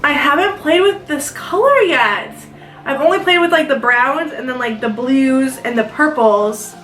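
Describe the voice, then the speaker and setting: Her voice is high and fairly bright, unhurried, picked up by a distant mic in an echoey room with faint background music. The speaker is a young South Dakota beauty vlogger rambling through a casual get-ready-with-me chat as she does her makeup, using "like" constantly.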